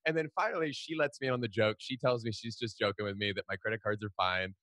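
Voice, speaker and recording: Middle-aged male guest, quick animated storyteller, dry close sound. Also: fairly low pitch, dry recording. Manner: fast, animated storytelling with frequent restarts. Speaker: guest, author. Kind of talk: storytelling in a podcast interview.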